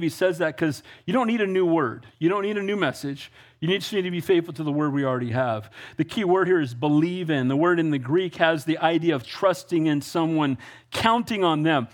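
Man, pastor, sermon, high voice, emphatic, storytelling, calls for amens. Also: fairly quick.

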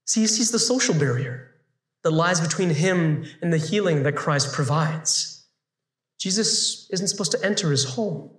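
Man doing a bible lesson, high voice, lots of rhetorical questions, echoey room. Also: a little slow, a bit bright. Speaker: Bible teacher.

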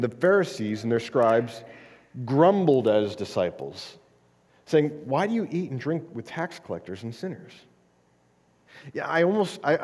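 A man's voice: medium pitch, a little mellow, big-room sound. A male pastor preaching a sermon in a conversational style, stumbling over restarts and often checking in with "right?".

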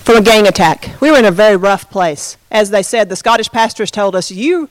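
A woman pastor telling a story in a sermon, expressive and conversational, addressing her congregation. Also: mid-range voice, fairly quick, no echo.

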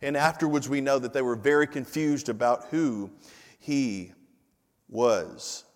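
A man preaching a sermon with emphatic, repetitive delivery that builds to loud climaxes, with casual asides to the congregation and the slide operator. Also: mid-range voice, measured pace. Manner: informal asides to the congregation and tech team. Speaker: pastor. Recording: long reverb of a large hall.

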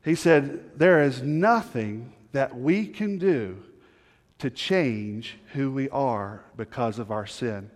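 A male pastor preaching a sermon, telling a story, sinking low and quiet for weight and rising for appeals. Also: slow pace. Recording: long hall reverb.

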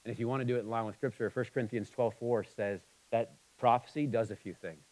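A man preaching a sermon, moving between emphatic, passionate stretches and quiet, somber ones. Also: medium pitch, steady tone, fast talker, poor audio. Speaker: pastor.

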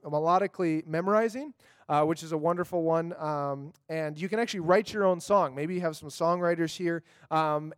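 A man's voice: a little high, dry recording. A man giving a casual, upbeat talk on memorizing scripture, chatty, with many fillers and tag questions.

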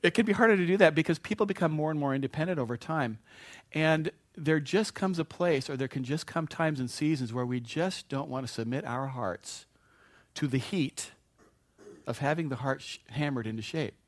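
A man's voice: on the high side, normal speed. A man preaching a conversational sermon as pastor, folksy and anecdotal, often restarting his sentences.

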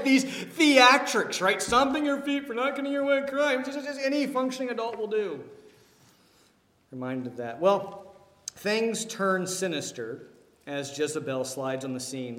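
A man preaching a sermon as pastor, animated, with many rhetorical questions. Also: high-pitched. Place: church. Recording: echoey hall.

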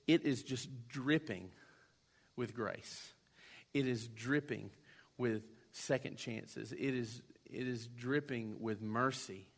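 A man's voice: mid-range voice, gravelly. A man preaching a sermon in a conversational way, acting out quoted voices now and then. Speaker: pastor.

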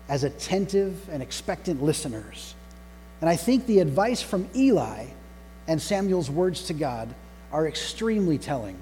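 A man delivering a sermon, pausing to stress single words with deliberate emphasis. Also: fairly high pitch, mellow. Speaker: pastor. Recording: long reverb hall with faint mains hum.

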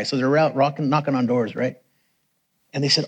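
A middle-aged man preaching, telling personal testimony stories with lively quoted voices. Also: fast talker, husky. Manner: animated storyteller, raises pitch for quoted voices. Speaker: missionary preacher. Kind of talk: sermon testimony storytelling.

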